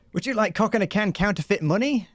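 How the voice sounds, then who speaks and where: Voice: medium pitch, no echo, clean studio sound. A livestreamer improvising a silly mock advert while gaming, giggling and stumbling over words.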